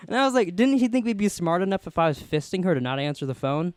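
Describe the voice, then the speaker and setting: Fast-talking man telling a story. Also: high voice, smooth, no room sound, studio quality. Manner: animated, acts out quoted voices. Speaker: podcast host. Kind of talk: casual storytelling.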